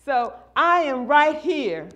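A middle-aged woman preaching a sermon, calling out to the congregation and building to shouted refrains. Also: high-pitched, very animated, takes it slowly. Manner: call-and-response, rising to shouts.

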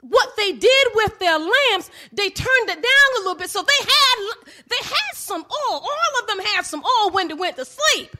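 A woman preaching with a very high, bright voice that rises and falls across a wide span. She lingers over slow, repeated phrases and breaks into fervent cries. Her delivery is a full sermon, never conversational. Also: very animated, a little hiss or hum. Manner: impassioned, swinging from low murmurs to shouted cries; drawn-out, rhythmic phrasing with repetitions.

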